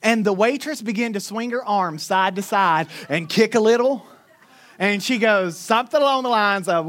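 A man's voice: sits high, moderate pace, a bit bright. A man with a thick Southern accent preaching a sermon in a folksy, chatty, self-mocking way. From Florida Panhandle, US. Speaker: pastor. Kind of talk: sermon with storytelling.

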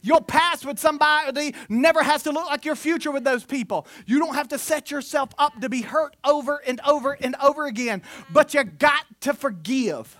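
A preacher giving an animated sermon, telling stories with humor and sometimes slipping into mock voices. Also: high voice, moderate pace, few pauses, no room sound.

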